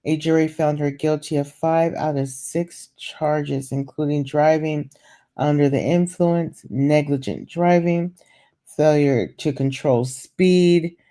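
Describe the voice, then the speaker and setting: A woman with a low, warm, steady voice speaks a little slowly as she vlogs from home at night. Her commentary is chatty and gossipy, packed with fillers, fond asides, and endearments like "child" and "baby."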